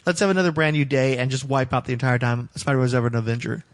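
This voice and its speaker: A man's voice: mid-range voice, steady tone, rapid-fire. A man co-hosting a comics podcast, reading listener comments and giving opinionated, wry takes in casual chat. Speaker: podcast co-host.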